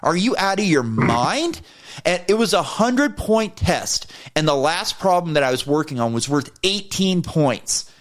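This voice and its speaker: Man ranting through a podcast story. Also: fairly high pitch. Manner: profane, heated retelling of an argument; animated when quoting himself. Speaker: podcast co-host. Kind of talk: casual storytelling chat.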